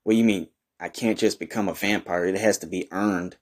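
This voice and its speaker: A man's voice: low voice, steady tone, brisk. A man hosting a comedy podcast in character, talking brashly and profanely in slang, arguing with someone who is never heard. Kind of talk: improvised comedic monologue.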